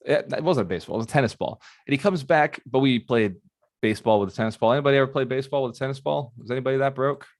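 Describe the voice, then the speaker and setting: A man giving a motivational talk as a real estate mentor, animated and often asking his audience questions. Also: medium pitch, racing, no echo, studio quality.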